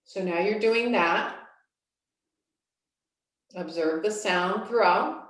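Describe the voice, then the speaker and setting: A woman, a yoga teacher, guiding a breathing practice with slow, calm, soothing instructions and long pauses. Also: mid-range voice. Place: yoga studio. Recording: very echoey room, voice from a distance.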